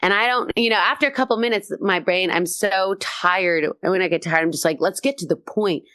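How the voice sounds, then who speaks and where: A woman comedian chatting as a guest in an interview, telling stories with high energy. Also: a little fast, dry recording, studio quality. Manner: high-energy, animated storytelling. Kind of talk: casual interview chat.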